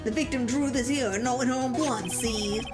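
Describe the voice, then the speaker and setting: Woman doing a gruff male detective. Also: on the high side, moderate pace, over loud music, lightly acted. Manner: tacks "see?" onto sentences. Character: gruff male police detective, blunt and bossy. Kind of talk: game voice-over read-aloud.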